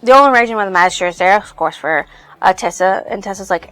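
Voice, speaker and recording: A woman's voice: medium pitch, fast talker, fairly bright tone, no room sound, faint music behind. A woman reviewing a book on her channel, casually retelling its plot in a rambling way full of fillers.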